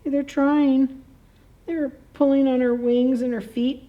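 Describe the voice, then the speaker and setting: A woman's voice: sits high, flat delivery, slow pace, warm tone, dull audio. A woman librarian reading a picture book aloud at a children's story time, in a playful, chatty way, chuckling and asking the kids questions.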